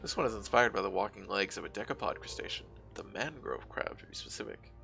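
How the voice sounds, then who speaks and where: A man reading the lines of a cultured, courteous drone engineer in a calm, formal way. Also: fairly low pitch, gravelly, heavily acted. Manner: polite, measured, formal phrasing.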